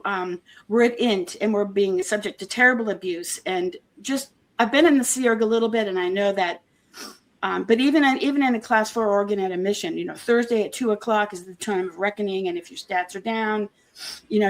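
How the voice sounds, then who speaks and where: A woman being interviewed, talking earnestly in a halting way, with many restarts and homely comparisons. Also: mid-range voice. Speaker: interview guest, former member of a church group. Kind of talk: casual conversational interview.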